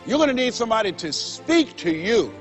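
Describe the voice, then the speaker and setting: Older man, motivational speaker, high voice, preacherly, faint music underneath. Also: very animated, brisk, muffled recording. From United States. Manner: emphatic, rhythmic and preacherly, repeating key lines. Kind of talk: motivational speech.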